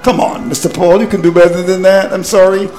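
A man's voice: high voice, little pitch movement, fairly quick, a little mellow, soft background music, rough recording. A man commentating cricket on radio, exasperated at his team's collapse and repeating phrases for emphasis.

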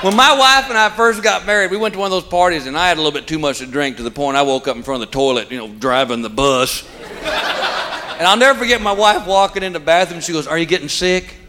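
A man doing a stand-up routine, telling stories and slowing down for punchlines. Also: fairly high pitch, lively intonation, background noise. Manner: drawling storyteller, punchlines delivered slow. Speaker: stand-up comedian. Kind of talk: stand-up routine before a live crowd. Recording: live club recording with loud crowd.

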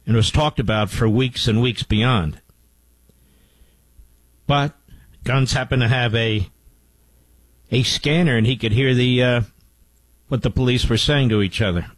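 A man's voice: medium pitch, measured pace, pauses often, no room sound, rough recording. A man hosting a talk radio show, speaking emphatically and repeating key points for stress.

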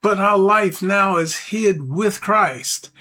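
High-voiced earnest male preacher. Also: slow pace, sharp tone. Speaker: radio preacher. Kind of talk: sermon.

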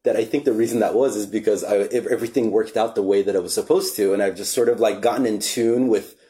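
A man hosting a podcast in casual chat, relaxed and reflective, swearing now and then. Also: fairly low pitch, quick pace. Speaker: podcast host.

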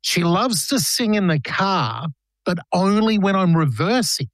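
A man's voice: high voice, very animated, measured pace, no echo. A man hosting a radio show in casual banter, playfully telling dad jokes. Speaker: radio host.

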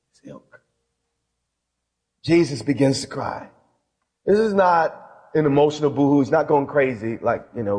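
Male pastor, impassioned sermon, slightly high voice, long reverb. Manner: impassioned, building to cries. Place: church hall with audience.

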